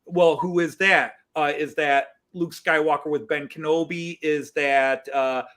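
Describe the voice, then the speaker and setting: A man hosting a casual group chat, talking in a rambling, animated way with many restarts. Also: on the high side, unhurried. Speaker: host.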